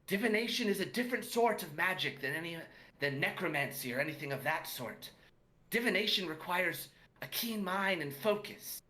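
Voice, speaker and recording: A patient, wry magic teacher lectures his class in a bright, clear voice, voiced by a man. He is gently amused and a little playful in a tabletop game. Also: sits high, expressive, moderate pace, pitched above the performer's own voice. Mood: lecturing.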